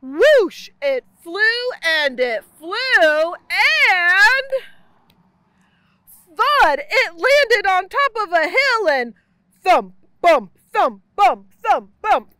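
Woman reading a picture book aloud, very high bright voice, slow and lively, dry close sound. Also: no echo. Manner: expressive, sound-effect-heavy reading. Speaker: library storyteller.

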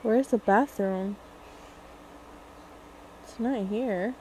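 A young woman with a medium-pitched, warm voice speaks very slowly, offering casual commentary while playing a horror game as a gaming video creator. She thinks aloud and grows jumpy and frightened, especially during chases. The recording is rough, with a little hiss or hum.

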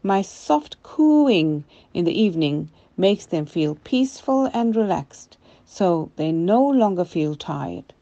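A soft-spoken, proud dove in a storybook tale, voiced higher by an older woman. The voice is warm and mellow, on a dull, lo-fi recording. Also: big pitch swings, slow, hardly any pauses, exaggerated voice. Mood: gentle.

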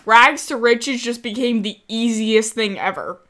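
A woman's voice: a little high, unhurried, fairly bright tone. A young woman giving casual, chatty commentary over her gameplay, often exasperated and talking back to the game's characters. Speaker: gaming creator.

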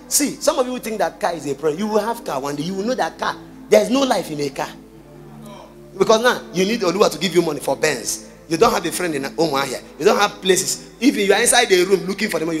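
A Nigerian pastor preaches with a high, swinging voice that leaps between soft asides and shouted points. He fires rhetorical questions at the congregation. Faint music plays behind him. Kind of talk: sermon.

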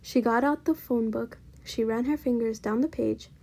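A woman reading a children's chapter book aloud in a steady, gentle storytelling manner. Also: on the high side, normal speed, creaky, husky. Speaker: storybook reader.

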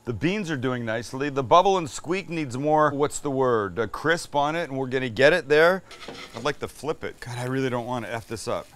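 A man hosts a cooking demo from his home kitchen. He talks with chatty enthusiasm and swears here and there, at an ordinary middle pitch, with a faint hum of ambience in the room. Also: animated, a little fast, fairly bright tone. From Canada. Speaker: cooking show host. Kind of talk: casual cooking demonstration.

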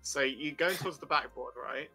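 A man's voice: a little high, moderate pace, creaky, breathy edge, faint music behind. A young man joking around with friends while playing a golf video game. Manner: joking, chatty, gives excited directions. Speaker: gamer. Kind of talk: casual game chat with friends.

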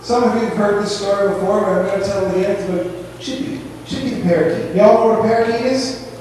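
A high-voiced man preaches in a relaxed, conversational way, slipping into storytelling. His voice comes from well off the mic and rings through a big echoey church hall. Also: fast talker, recorded from a distance, a little hiss or hum. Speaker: pastor. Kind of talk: sermon. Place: church sanctuary.

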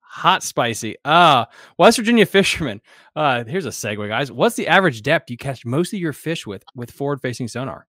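A man hosting a fishing podcast in casual chat, relaxed, laughing easily and reading out comments. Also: mid-range voice, normal speed, no echo, studio quality. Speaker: podcast host.

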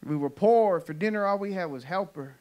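A man from California performing an animated stand-up comedy set for a church audience. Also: high-pitched, a little fast. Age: adult. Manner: animated storytelling punchlines. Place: church sanctuary, live audience.

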